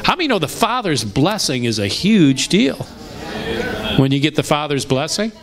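A middle-aged man pastor telling stories in a sermon, conversational and lively, often restarting his sentences. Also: a little high, moderate pace, a crowd in the background. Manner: animated, conversational, with frequent restarts. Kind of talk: storytelling sermon. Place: church sanctuary.

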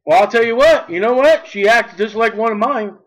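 A man's voice: extremely high pitch, brisk, rough recording. A man voicing the devil, a cocky and grumbling male figure with a blunt folksy drawl, in a sermon joke. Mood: gruff.

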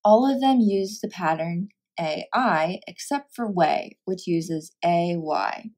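A woman teacher reading a picture book aloud and walking through a phonics lesson, sounding out words clearly. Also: on the low side, slow pace, few pauses, darkish tone.

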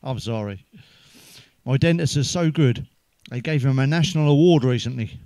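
A man's voice: medium pitch, moderate pace, mellow, no echo. An English man doing crude one-liner stand-up, swearing heavily and laughing at his own jokes. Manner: sips a drink between jokes. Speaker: stand-up comedian.

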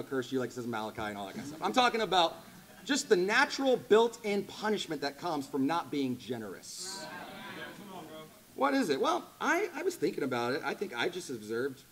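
A man preaching a sermon in a church, animated and conversational, rising to loud emphatic peaks. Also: on the high side. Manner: conversational asides with laughter. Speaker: pastor.

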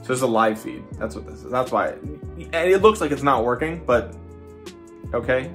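A man giving a casual vlog tour of a hotel suite, rambling with sarcastic jokes and deadpan asides. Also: mid-range voice, normal speed, faint music behind. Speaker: vlogger.

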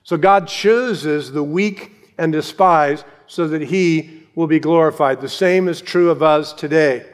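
Speaking at a fairly high pitch and a little slowly, this man preaches as pastor before a congregation in a church sanctuary. He is earnest and emphatic, repeating key phrases to give them weight, and a long reverb tail follows his voice.

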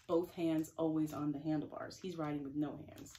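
Gentle woman reading story time. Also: deep voice, normal speed. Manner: gentle, expressive, with chatty asides to children. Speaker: children's librarian.

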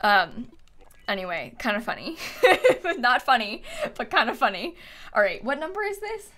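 Bright, lively young woman streamer. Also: on the high side, normal speed. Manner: giggly, chatty, reads chat aloud with many fillers. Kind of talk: casual live-stream chat.

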